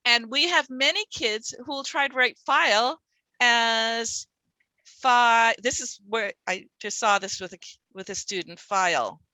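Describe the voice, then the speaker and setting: A woman giving a workshop for literacy teachers, sounding out words slowly as she demonstrates. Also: a little high, sharp tone, no echo. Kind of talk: workshop presentation.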